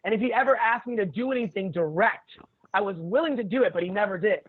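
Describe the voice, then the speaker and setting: High-voiced man, blunt, over a tinny line. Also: expressive, fast. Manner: blunt, profane, laughs often. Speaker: jiu-jitsu instructor, podcast guest. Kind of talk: casual storytelling chat. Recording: tinny phone-like sound.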